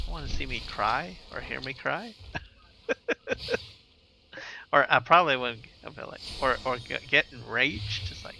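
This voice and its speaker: A man's voice: mid-range voice, normal speed, gravelly, pauses often, background noise. A man streaming a game live, chatting with viewers in a laid-back, rambling way while he plays. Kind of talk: casual live gameplay commentary.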